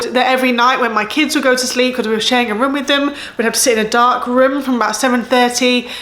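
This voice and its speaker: A woman's voice: on the high side, sharp tone, roomy sound. A woman in her thirties with an English accent, chatting casually about her month of reading, rambling and correcting herself as she goes. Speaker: book vlogger. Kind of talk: casual chat.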